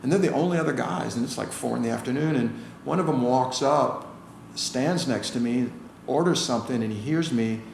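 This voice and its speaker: With a creaky, medium-pitched voice, an American chiropractor talks fairly quickly and with few pauses as a guest in a casual interview. He animatedly acts out the voices in his stories. The sound is roomy, with faint ambient noise.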